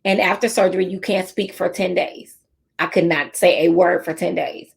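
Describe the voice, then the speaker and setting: A woman's voice: lowish voice, steady tone, normal speed, gravelly, slightly rough. A middle-aged woman teacher and speaker giving a motivational talk to teachers, telling stories and repeating her key phrases.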